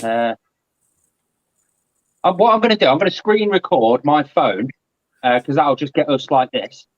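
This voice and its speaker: Chatty guy on a video call, slightly high voice, muffled lo-fi audio. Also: a little slow, dry recording. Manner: chatty and animated. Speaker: guest. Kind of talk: casual live-stream chat.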